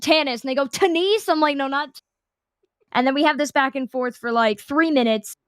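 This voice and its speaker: A woman's voice: high-pitched, brisk, fairly bright tone, no echo. Chatty young woman with a dry sound. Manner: chatty, laughing, acts out quoted people. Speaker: guest streamer. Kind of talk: casual interview chat.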